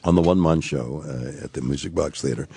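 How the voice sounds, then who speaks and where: An older man with a very low, husky voice recounts a story as a guest on a radio talk show. He talks in a halting, anecdotal way, circling back with fillers and restarts. The sound is dry and close. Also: mellow, dry recording.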